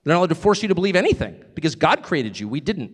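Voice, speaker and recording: A middle-aged man giving a live public speech as a guest speaker, animated and sardonic, with mocking asides and short chuckles. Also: on the high side, very fast. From United States. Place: large hall with a live audience. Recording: long hall reverb with crowd.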